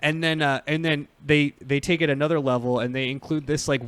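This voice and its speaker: A man's voice: fairly high pitch, brisk, few pauses, fairly bright tone, smooth, dry recording. A man in his thirties hosting a podcast, chatting casually and rambling with lots of fillers and frequent laughs. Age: 30s. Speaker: podcast host. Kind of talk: casual chat.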